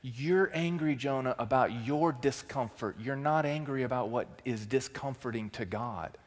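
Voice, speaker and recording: Guy pastor preaching, mid pitch, big loud bursts then drops quiet, long echo from the church hall. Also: normal speed. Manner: swings from loud emphatic outbursts to quiet intensity. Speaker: teaching pastor. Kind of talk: sermon.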